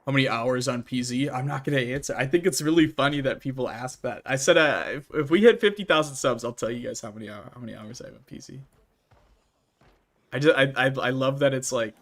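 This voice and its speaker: Rambling and chatty, a young adult streamer answers questions on a casual livestream as he games, often restarting and using fillers. He talks a little fast in a mid-range voice with a fairly bright tone.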